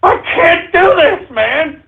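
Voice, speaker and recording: A man's voice: very high-pitched, lively intonation, slow, creaky, phone-quality sound. A male radio show host in a call-in monologue, stammering, pleading with listeners and repeating himself in exasperation. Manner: pleading, addresses listeners as folks.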